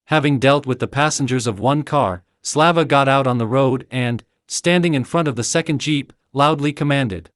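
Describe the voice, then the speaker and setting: A man narrating an action audiobook in a steady, even reading. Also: medium pitch, normal speed, few pauses, dry recording, studio quality. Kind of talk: scripted narration.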